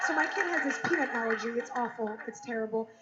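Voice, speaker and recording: High-voiced female comic from Russia. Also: lively intonation, quick pace, dull audio, very noisy. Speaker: stand-up comedian. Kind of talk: stand-up comedy set. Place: comedy club stage.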